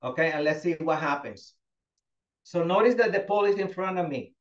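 A male fitness instructor leading a class, giving steady cues and encouraging students by name. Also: on the high side, fairly quick. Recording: echoey, dull lo-fi room sound.

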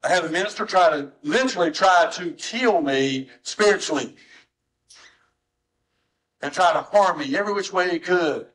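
A middle-aged man, preaching a sermon as pastor in a church, swinging from soft, low tones to high, strained cries. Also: normal speed, pauses often, low-quality recording. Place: church sanctuary.

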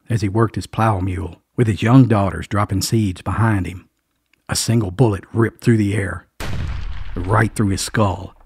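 A man's voice: fairly low pitch, darkish tone, slightly rough, dry recording, studio quality. A man narrating a dramatic mountain feud story, building suspense with folksy, emphatic asides. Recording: faint music underneath.

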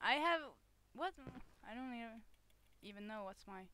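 A woman with a sore throat doing let's play commentary on a horror game, jumpy and swearing, switching between hushed muttering and loud outbursts. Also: a little high, lively intonation, normal speed, very noisy. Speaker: gamer playing a horror game.

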